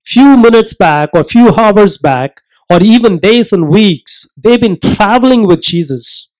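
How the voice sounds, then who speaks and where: A man preaching a sermon, earnest and emphatic, asking rhetorical questions and slowing down to stress his points. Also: sits high, lively intonation, darkish tone, poor audio.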